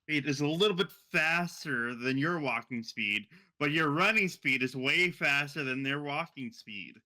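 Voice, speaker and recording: A man's voice: a little high, unhurried, bright, forceful tone. A young man co-hosting a casual gaming podcast, laughing and swearing freely as he talks. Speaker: podcast co-host.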